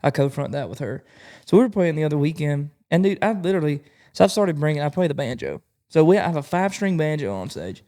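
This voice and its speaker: A man, co-hosting a casual podcast and telling animated stories about playing gigs. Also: on the high side, fast. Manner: animated storyteller acting out quotes. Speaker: podcast co-host, banjo player. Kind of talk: casual chat.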